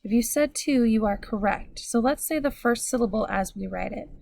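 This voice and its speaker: A woman teacher giving a recorded phonics lesson, speaking slowly and clearly as she walks students through each step. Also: on the high side, a little mellow, no room sound. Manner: slow, clear, instructive.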